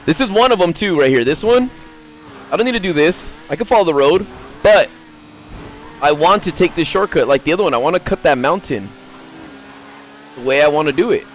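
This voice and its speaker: A man giving casual, foul-mouthed gameplay commentary, swinging between low mutters and sudden yelps. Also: animated, a little fast, long pauses, slight background noise, rough recording. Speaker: gaming streamer.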